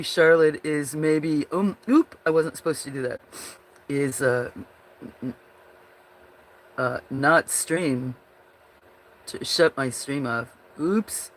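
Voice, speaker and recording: A woman's voice: low-pitched, slow pace, pauses often. A woman hosting a casual livestream, chatting with viewers in a rambling way and often breaking into giggles. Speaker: livestream host.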